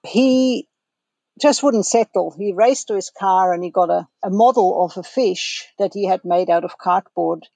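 A woman recalls a story with lively amusement in an interview. Her voice is gravelly and mellow, slightly low, and sounds dry and close. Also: no echo. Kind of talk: interview recollection.

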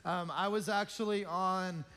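Chatty male pastor with a high voice, joking with his congregation during church announcements. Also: steady tone, unhurried, sharp tone. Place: church sanctuary.

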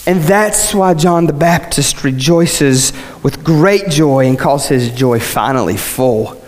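A man preaching a sermon, asking rhetorical questions and repeating phrases as his voice swings from low to high. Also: animated, slow, in a large hall.

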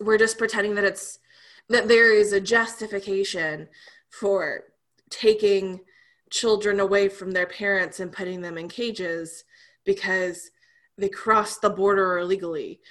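Bright-voiced young woman, candid and chatty. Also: medium pitch, unhurried. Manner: candid, laughing, trails off with fillers. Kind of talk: casual podcast chat.

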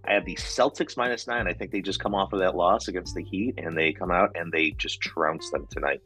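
A man co-hosting a casual sports betting podcast, quick and to the point. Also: deep voice, sharp tone, soft background music. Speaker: podcast co-host.

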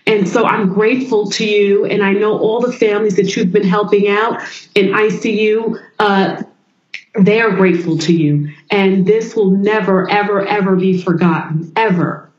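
A woman interviewing a guest, warm and encouraging, leaning on repetition for emphasis. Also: medium pitch, moderate pace. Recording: roomy, muffled lo-fi audio.

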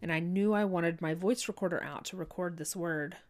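A woman telling a heartfelt personal faith story in an earnest, halting way, full of restarts and fillers like "you know". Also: fairly low pitch, a little mellow.

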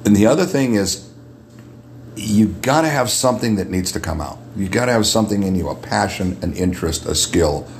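Man, very low gravelly radio voice, halting restarts, faint noise behind. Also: expressive. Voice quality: deep radio voice. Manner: halting, repeats words when starting a thought. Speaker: guest, makeup artist. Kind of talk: casual podcast conversation.

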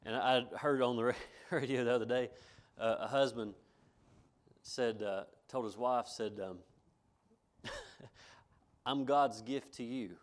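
Middle-aged man, pastor, folksy sermon, repeats phrases, chuckles, medium pitch. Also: fairly even intonation, unhurried. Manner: folksy, repeats himself, chuckles between points.

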